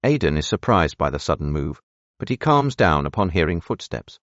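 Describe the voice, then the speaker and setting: A man narrating a romance audiobook in the first person, steady, measured and intimate. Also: deep voice, no room sound, highs cut off.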